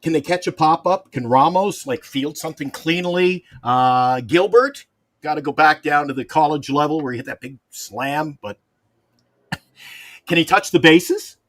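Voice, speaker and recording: A man's voice: a little high, moderate pace, a bit bright, no echo. A man panelist on a sports talk show, ranting in an exasperated, rambling way with restarts, calling in from a hot room. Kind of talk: animated sports fan rant.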